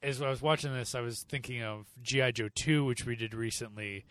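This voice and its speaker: A man co-hosting a casual movie review podcast, animated and fond of acting out scenes in put-on voices. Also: mid-range voice, a little fast, dry recording. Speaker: podcast co-host.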